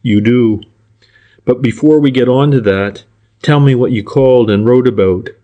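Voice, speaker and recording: A man voicing an impatient, short-tempered gentleman in an audiobook, speaking curtly and sharply. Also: medium pitch, moderate pace, highs cut off, close to an everyday voice. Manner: curt and sharp. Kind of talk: audiobook character reading.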